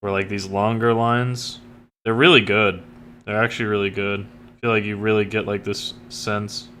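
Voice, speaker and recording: A man chatting casually on a live stream, rambling and full of "like" fillers, getting excitable when enthusiastic. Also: fairly low pitch, moderate pace, slight background noise. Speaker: streamer and fiction writer.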